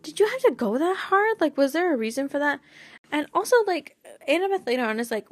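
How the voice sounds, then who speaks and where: A woman hosts a casual fan podcast in a bright, higher voice. She gushes and giggles, and her thoughts tumble out loosely. The sound is dry and close, with no room around it. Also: sing-song, a little fast, no echo. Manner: bubbly, giggly, gushing; rambling with frequent fillers like "like" and "you know". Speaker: podcast host.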